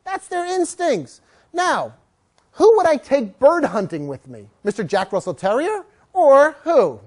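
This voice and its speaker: A woman dog trainer gives a jokey, animated talk to an audience, acting out little voices of owners and their dogs. Her voice sits high, and she speaks a little slowly.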